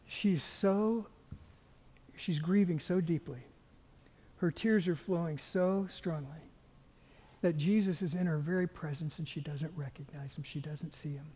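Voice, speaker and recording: A man with a high, husky voice preaches a sermon in a church sanctuary, earnest and at times sinking to a near whisper. The tone is mellow and dark, and his words ring out with a long hall reverb. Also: measured pace, long pauses. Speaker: pastor.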